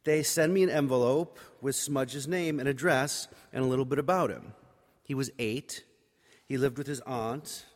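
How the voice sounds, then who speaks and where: A man's voice: medium pitch, normal speed. A man preaching by telling a personal story in a wry, conversational, self-mocking way. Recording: reverberant hall.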